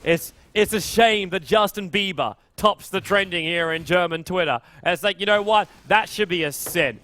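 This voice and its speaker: A young man casting a live esports match, chatting casually and then rising into fast, excited play-by-play during fights. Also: high voice. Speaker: esports caster. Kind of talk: live game commentary.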